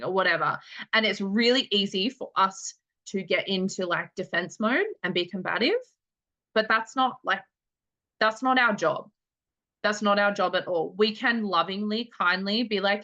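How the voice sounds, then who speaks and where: Team leader, female, bright crisp tone, chatty and fast, dull lo-fi recording. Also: medium pitch. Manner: chatty, quick, peppered with filler words. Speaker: network marketing team leader. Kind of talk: casual team meeting talk.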